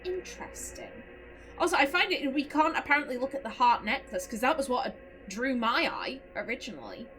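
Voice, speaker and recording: Fields: Role: let's play streamer. Style: gaming commentary. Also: female voice, high-pitched, animated, brisk, fairly bright tone, poor audio. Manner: chatty, swears, talks to herself. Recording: voice over game music.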